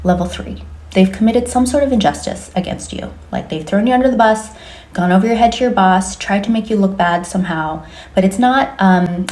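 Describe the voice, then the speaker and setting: A woman with a mellow, warm tone runs down a list in a wry explainer style. Her voice rings in an echoey room. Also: medium pitch. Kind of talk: explainer to camera.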